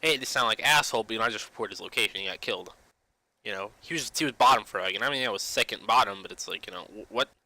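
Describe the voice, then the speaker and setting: A man's voice: lowish voice, bright, forceful tone, dry recording, rough recording. A young man ranting casually about games, padding nearly every phrase with "you know", restarting often and swearing now and then. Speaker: gaming vlogger. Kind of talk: rambling casual rant.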